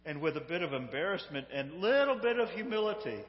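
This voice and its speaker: A man casually retelling a sitcom episode in an animated, amused, conversational way, recorded on a handheld phone. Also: high voice, quick pace, in a large hall, highs cut off, slight background noise.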